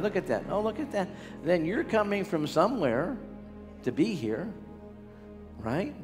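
In a large church sanctuary with music echoing through the hall, an older man from the Pittsburgh area preaches a revival sermon as a healing evangelist. His high voice is sing-song and measured, with frequent pauses as he exhorts and calls out to the crowd.

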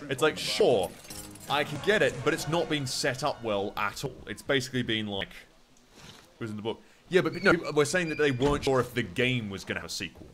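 A man's voice: mid-range voice, lively intonation, fairly quick, fairly bright tone, soft background music. A young Australian man chatting casually and swearing while he plays a game and answers viewers. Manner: chatty, swears, reads chat aloud. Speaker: gaming streamer. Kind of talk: casual gameplay commentary.

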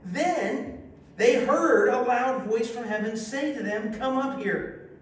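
A man preaching a sermon, reading scripture aloud and leading his congregation in call-and-response, lively and exclamatory, joking with the people in front of him. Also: very high-pitched, takes it slowly, distant mic. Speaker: pastor. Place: church sanctuary. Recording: very echoey hall, voice from afar, faint hiss.

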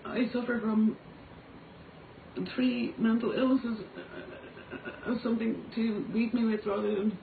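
A woman's voice: a little high, flat delivery, slow pace, creaky. Irish woman, confessional monologue, raw, swearing, pleading; distant, roomy phone audio. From Ireland. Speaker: singer making a personal video. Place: motel room. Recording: echoey, distant, tinny phone-like audio with faint noise.

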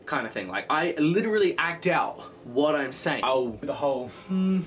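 A young man vlogging from his bedroom in a casual rambling monologue, animated, swearing a lot and acting out the voices of phone calls. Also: fairly high pitch, moderate pace, soft background music.

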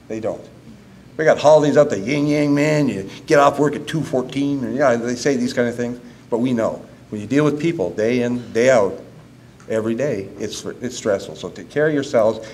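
Animated man telling a funny story. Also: medium pitch, a little hiss or hum. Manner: animated storyteller, laughing, then earnest. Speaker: conference speaker, school counselor. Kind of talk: humorous conference talk. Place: conference room.

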